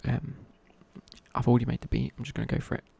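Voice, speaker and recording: Young guy, whispered ASMR chat, raspy breathy whisper, loose and chatty. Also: medium pitch, flat delivery, fast talker, dark tone. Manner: rambling, casual, many fillers and restarts. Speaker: ASMR creator.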